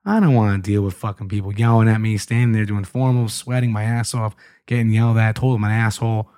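A man's voice: on the low side, fast, clear, resonant tone, no echo, studio quality. A man hosting a podcast, telling stories in casual, profane chat and acting out the voices of people he quotes. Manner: animated storyteller, acts out quoted voices. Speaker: podcast host. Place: trade show venue.

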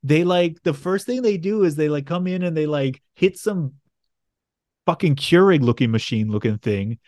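A man's voice: fairly high pitch, animated, moderate pace, darkish tone, dry recording, studio quality. A man co-hosting a casual chat, recapping a cartoon episode with blunt, swearing, rambling asides. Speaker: podcast co-host.

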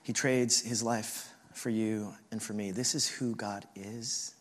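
A man's voice: fairly low pitch, takes it slowly. Man preaching in a reverberant hall. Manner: animated storyteller who acts out family voices. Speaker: pastor. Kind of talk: sermon with storytelling.

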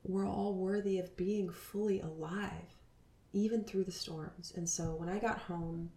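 A woman in her thirties hosting a spiritual podcast, talking earnestly and dropping into soft whispers. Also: fairly low pitch, fairly even intonation, a little slow, reverberant. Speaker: podcast host.

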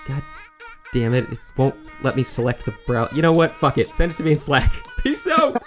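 A man hosting a casual podcast, brisk and profane, steering his co-hosts along. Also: medium pitch, faint music behind. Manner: brisk, profane and directing the others. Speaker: podcast host. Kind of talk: casual chat.

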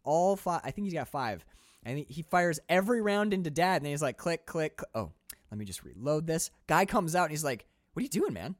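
A man co-hosting a relaxed movie podcast, his voice sitting a bit high and swinging widely as he gets excited. He keeps slipping into quick impressions of scenes. The sound is dry and close. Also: dry recording. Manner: animated, acts out movie lines in quick voices. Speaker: podcast co-host. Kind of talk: casual film discussion.

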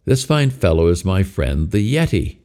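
A man's voice: low-pitched, sing-song, normal speed, dark tone. A man voicing a genial male ventriloquist in a told story, coaxing and friendly. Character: cheerful middle-aged male ventriloquist, gentle showman.

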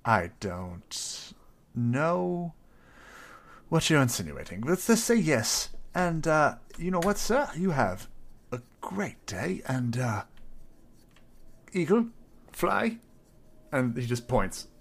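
A man's voice: a little high, very animated, slow pace, vocal fry. A man playing his character in a tabletop game, hesitant and fussily polite, stammering often. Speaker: player.

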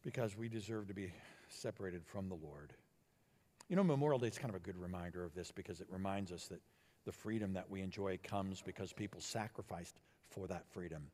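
A male pastor preaching a sermon in a conversational style, asking the congregation questions and swinging between quiet and emphatic delivery. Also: low-pitched, fairly quick. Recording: long hall reverb.

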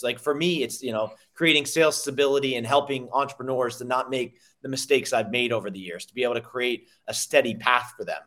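A man's voice: medium pitch, brisk, hardly any pauses. A man being interviewed as a sales coach, talking energetically and telling stories, often repeating himself and acting out quoted people. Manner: energetic, repeats words and restarts, quotes people in lively voices. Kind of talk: conversational interview storytelling.

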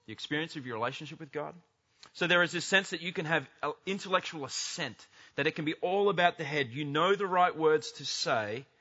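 Animated preaching man, lo-fi sound. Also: a little high. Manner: animated, acts out quoted speech. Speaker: pastor. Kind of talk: sermon.

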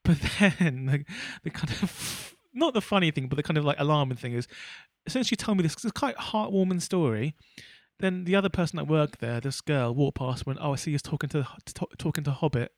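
Chatty man with a rather high voice. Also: animated, brisk, dry recording. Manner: chatty, rambling with frequent restarts and fillers. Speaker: podcast co-host. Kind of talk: casual chat.

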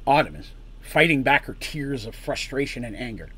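A man's voice: mid-range voice, sing-song, moderate pace, fairly bright tone, breathy edge. A man narrating a tabletop story as game master, casual and explanatory, with frequent asides.

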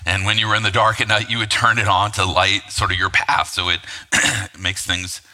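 A man with a lowish voice preaching a sermon with a hard, forceful edge. He talks casually, tossing in rhetorical asides and fillers as he goes. His voice rings with a long hall reverb. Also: little pitch movement, moderate pace. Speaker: pastor.

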